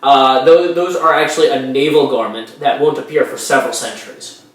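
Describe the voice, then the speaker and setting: A man's voice: medium pitch, a little fast, a bit bright, recorded from a distance. A man narrating as game master of a tabletop role-playing game, rambling with lots of restarts and fillers. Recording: very echoey room, a bit off mic.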